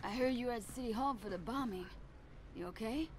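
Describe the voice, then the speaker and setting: A woman's voice: on the high side, fast, a little hiss or hum, lightly acted. A woman voicing a hesitant job-seeker.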